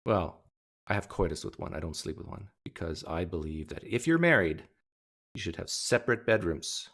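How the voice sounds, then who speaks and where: A man's voice: sits low, lively intonation, vocal fry, fairly bright tone. A man hosting a livestream, chatting casually with viewers and cracking rambling jokes. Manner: joking, rambling, quick asides. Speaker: livestream host.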